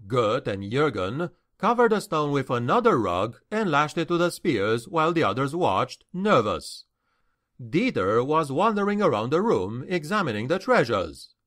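This is a man with a mid-range voice narrating an audiobook of a fantasy novel, bringing expressive storytelling to the reading.

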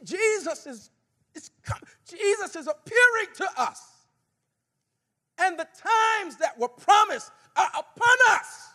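A man preaching a fiery sermon, shouting with passion and leading the crowd in call-and-response prayers in a large conference hall. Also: very high voice. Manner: impassioned, shouting, fired up. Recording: echoey hall.

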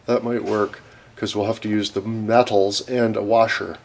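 A man's voice: on the low side, flat delivery, moderate pace, a little hiss or hum. A young man vlogging while he works in a workshop, rambling, joking and swearing constantly. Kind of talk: profane casual chat while working.

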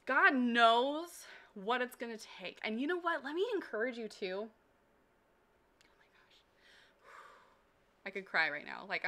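A woman's voice: mid-range voice, bright, forceful tone. A woman hosting a devotional livestream, talking while walking, emotional and gushing as she reads chat aloud. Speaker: Christian community host.

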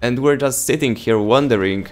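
A man's voice: medium pitch, moderate pace. A man with a Polish accent giving sarcastic, exasperated commentary in a gaming news vlog.

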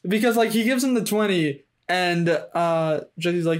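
Young man, higher voice, joking co-host. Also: steady tone. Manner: joking, acts out characters' lines in quick quips. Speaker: podcast co-host. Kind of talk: casual recap chat.

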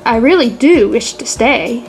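A courteous male house cat who answers in neat little rhymes, in a storybook reading, as a woman puts him on. The voice sits high and moves slowly and gently. Faint music plays underneath. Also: expressive, low-quality recording. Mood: polite.

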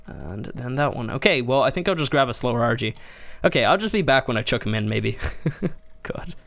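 Gravelly-voiced guy narrating his game, mid pitch, keeps getting annoyed and chuckling at stuff. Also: fairly bright tone. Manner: exasperated, self-narrating, laughing at mishaps; jumps much higher in pitch when upset. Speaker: gaming YouTuber. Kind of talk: let's play commentary.

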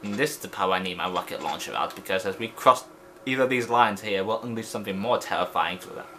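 A man's voice: lowish voice, fast, bright, forceful tone, slight background noise. A young man from the UK giving rambling, chatty commentary while playing a game, often restarting his sentences. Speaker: let's play host. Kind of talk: casual gameplay commentary.

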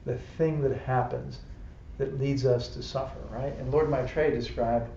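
A man's voice: mid-range voice, steady tone, normal speed, creaky, warm tone. A man teaching a casual Buddhist class, chatty and laughing often, checking in with "right?" and "you know". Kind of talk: casual dharma class lecture. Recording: echoey room, dull live-stream audio with faint hiss.

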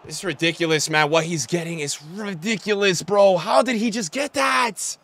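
A young man commentating his own football video game on a stream, with a sore throat, grumbling low and then bursting out loud and swearing. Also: moderate pace. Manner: swings from flat grumbling to loud outbursts, swears a lot. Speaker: gaming streamer. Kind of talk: live gameplay commentary.

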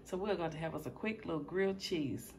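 A woman with a Southern US accent hosting a casual cooking vlog, chatty and quick to laugh at herself. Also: on the low side, background noise. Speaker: cooking show host.

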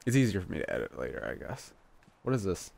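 Lively young man swearing through a playthrough. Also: sits low, fast talker, vocal fry. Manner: swears often, laughs and exclaims loudly at surprises. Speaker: let's play gamer. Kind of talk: casual gameplay commentary.

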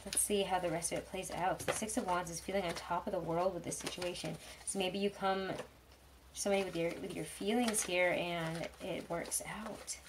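A woman giving a casual tarot reading, chatty and rambling, with frequent fillers and soft laughs. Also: on the low side, fairly even intonation, moderate pace, background noise. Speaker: tarot reader.

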